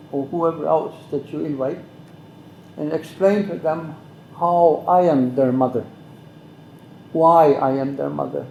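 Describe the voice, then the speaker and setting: An older man tells a story at an unhurried pace. His voice is gravelly and mellow. The recording has the echo of a roomy space. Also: on the high side, a little hiss or hum. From Mohawk Valley, New York. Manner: measured, repetitive, speaks some phrases in Mohawk. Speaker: guest elder. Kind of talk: slow oral storytelling.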